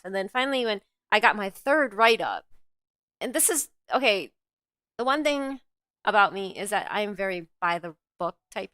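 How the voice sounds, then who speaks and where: A woman's voice: medium pitch, a bit bright, no room sound. A middle-aged woman co-hosting a show, telling a personal story in a candid, rambling way, with lots of fillers and swearing. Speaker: co-host.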